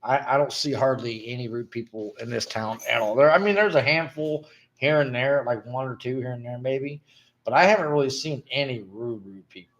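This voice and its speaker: A man's voice: medium pitch, a little fast, a bit bright, lo-fi sound. A man in casual chat, blunt and profane, venting about customers with heavy swearing and coughing now and then. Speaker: podcast co-host.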